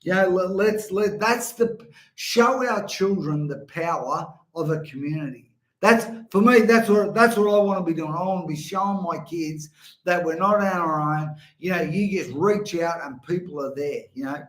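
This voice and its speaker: An earnest middle-aged man gives a motivational talk to other men, calling his listeners gentlemen. His voice sits a little high for a man. The recording has a roomy echo around it. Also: moderate pace. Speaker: men's coach.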